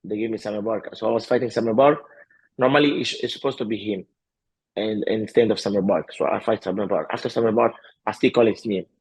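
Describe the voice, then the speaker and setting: As an interview guest, a husky MMA fighter with a lowish voice speaks haltingly in non-native grammar, full of fillers and restarts. He is animated and laughs while telling stories in these casual answers. The audio is poor, with no echo.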